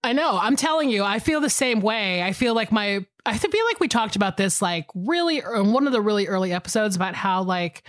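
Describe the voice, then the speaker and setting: A woman's voice: medium pitch, expressive, a little fast, few pauses, no echo, clean studio sound. A woman in her thirties co-hosting a podcast, chatting casually and emphatically with many fillers. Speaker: podcast co-host. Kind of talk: casual chat.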